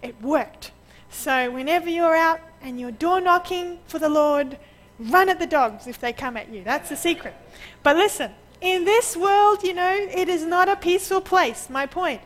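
Woman preacher with a high voice, chatty storytelling sermon, laughs a lot. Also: moderate pace, low-quality recording. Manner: lively anecdotal storyteller who laughs often.

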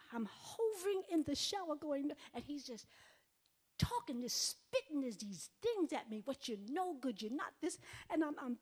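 A woman preaching a sermon, emphatic and repetitive, sometimes dropping to a near whisper. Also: high voice. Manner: emphatic, repeats phrases, drops to near whispers.

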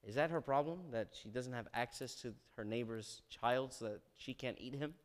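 A male pastor preaching a sermon, animated, asking the congregation questions and acting out the scripture. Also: mid-range voice, normal speed, few pauses. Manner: animated, asks the congregation questions, dramatizes quotes.

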